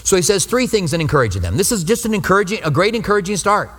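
A man's voice: sits high, sing-song, racing, fairly bright tone. A man preaching a verse-by-verse Bible teaching sermon as pastor, earnest and explanatory, repeating phrases for emphasis. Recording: long reverb of a hall.

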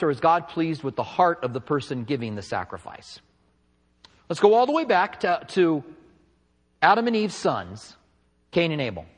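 A man preaching a sermon in an animated way, acting out the people he quotes. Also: a little high, big-room sound. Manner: animated, acts out quoted speakers. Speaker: pastor.

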